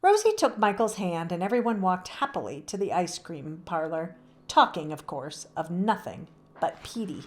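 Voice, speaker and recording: A young adult woman reading a children's chapter book aloud with expressive storytelling. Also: on the low side, moderate pace. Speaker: read-aloud host.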